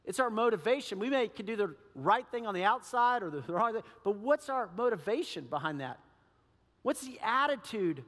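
A man preaching a sermon as pastor, animated and acting out little quoted voices. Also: high voice, in a large hall. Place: church sanctuary.

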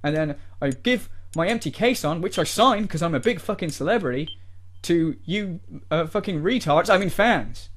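A man's voice: fairly high pitch, expressive, moderate pace. A man doing a whiny, smug gamer YouTuber. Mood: petulant. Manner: sneering, petulant, sweary. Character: smug, whiny male gamer YouTuber mocking his fans. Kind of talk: parody rant.

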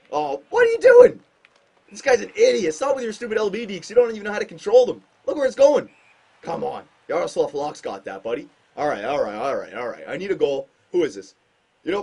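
A man doing casual gameplay commentary on a hockey shootout, excitable and self-mocking, with sudden outbursts. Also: fairly high pitch, breathy edge. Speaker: gaming commentator.

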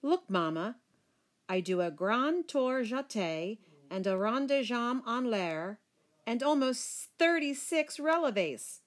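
A woman's voice: a little high, sing-song, slow, pitched above the performer's own voice. A woman voicing a spirited young girl who squeals and stands up defiantly to her brother in a read-aloud story. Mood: excited.

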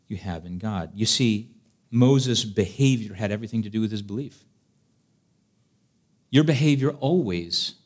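A man preaching a sermon in an animated, humorous way, acting out scripture stories as he teaches. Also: on the low side.

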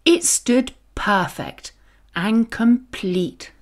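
A woman narrating a children's bedtime story, gentle, expressive and soothing. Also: medium pitch, extremely slow.

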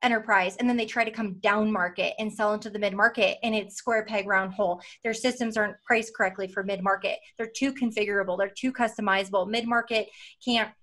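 A woman's voice: medium pitch, steady tone, brisk, a bit bright. Emphatic woman sales executive. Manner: emphatic, repeats phrases for effect; uses "like" as a filler. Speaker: sales consultancy CEO, guest. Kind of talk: energetic business podcast talk.

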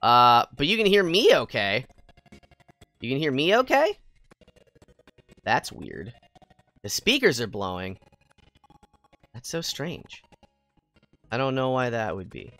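A woman livestreaming a game, chatting with viewers in a bubbly, goofy way, jumping between squeals and quiet mutters. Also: rumbling low, very animated, slow, long pauses, no echo. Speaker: VTuber game streamer. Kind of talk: casual livestream chat with viewers. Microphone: headset mic. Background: faint game music.

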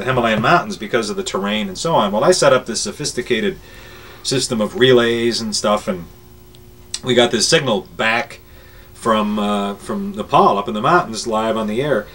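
An older man who worked as a radio morning show host looks back on his career in an interview, rambling through anecdotes with many filler pauses. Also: on the low side, fairly bright tone. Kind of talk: reminiscing interview storytelling. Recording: voice a bit distant from the mic.

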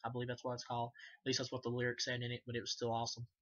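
A man's voice: medium pitch, completely flat delivery, racing, fairly bright tone, muffled recording. Rambling, profane man recapping a movie. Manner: rambling, profane, frequent fillers and self-corrections. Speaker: movie reviewer. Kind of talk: casual unscripted movie recap.

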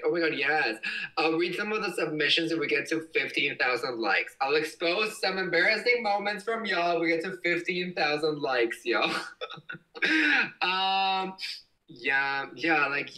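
Young male streamer, chatty and excitable, bright tone, sits a bit back from the mic. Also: a little high, far from the mic, low-quality recording. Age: young adult. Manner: excitable, giggly, gushing exclamations. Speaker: livestream host. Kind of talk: casual livestream chat reading viewer comments. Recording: voice slightly off-mic.

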